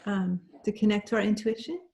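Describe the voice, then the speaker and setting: A woman's voice: mid-range voice, brisk, creaky, darkish tone. A woman hosting an interview, giving short, encouraging replies and questions. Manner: brief, encouraging responses. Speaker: podcast host. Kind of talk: casual interview.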